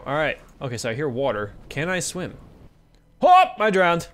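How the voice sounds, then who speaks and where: A young man giving casual let's-play commentary, swinging between excited yelps and hushed murmurs, swearing casually and coaxing his in-game kids along. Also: on the high side, a little fast.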